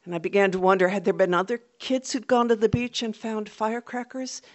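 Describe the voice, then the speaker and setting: A woman's voice: mid-range voice, little pitch movement, brisk, highs cut off. A woman telling a personal story on stage, vivid and dramatic.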